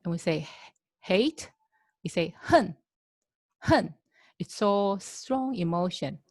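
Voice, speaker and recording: Slow, hesitant woman teacher, Chinese native. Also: lowish voice, expressive, no room sound, studio quality. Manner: hesitant, many fillers and restarts, explains with everyday examples. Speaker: language teacher. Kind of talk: casual classroom explanation. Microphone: video call.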